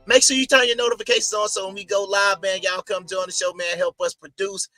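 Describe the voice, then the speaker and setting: A man's voice: high-pitched, flat delivery, fast, bright, forceful tone, soft background music. A man co-hosting a podcast in casual, slangy talk, tagging "man" onto his lines. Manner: laid-back, slangy, says "man" often. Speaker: podcast co-host.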